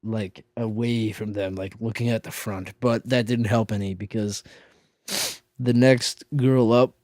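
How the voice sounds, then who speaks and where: A podcast co-host from Minnesota tells a friend an embarrassing story in loose, rambling chat, leaning on "like" and restarting his sentences. His lowish voice is steady, slightly mellow, and measured in pace. The mic is close and the sound is dry with no echo.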